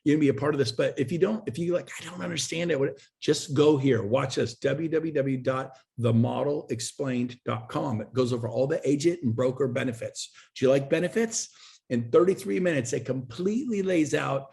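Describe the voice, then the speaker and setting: A man talking as a guest in an interview, pitching hard with emphatic, repetitive and urgent delivery. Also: normal speed, creaky, darkish tone. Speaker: guest, real estate agent and recruiter. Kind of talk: energetic sales pitch in an interview.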